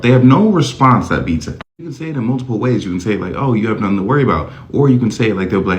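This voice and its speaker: A man talking casually to camera, animated and acting out both sides of imagined conversations. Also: fairly low pitch, rapid-fire. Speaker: social media dating commentator.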